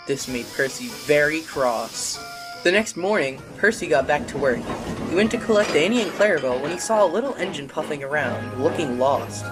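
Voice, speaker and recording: A narrator telling a children's train story in an expressive, sing-song way. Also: medium pitch, normal speed, music in the background.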